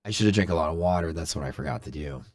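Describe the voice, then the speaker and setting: Guy with a super deep low voice, rambling and swearing on his trading livestream. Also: expressive, racing, gravelly. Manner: rambling, profane, with many restarts. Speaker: day trading livestream host. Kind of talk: casual livestream chat.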